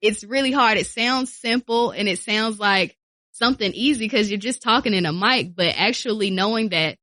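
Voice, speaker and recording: A woman radio personality talking casually in a studio interview, lively and repeating phrases for emphasis. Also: medium pitch, normal speed, no room sound. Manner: animated, acts out quoted voices, repeats phrases for emphasis.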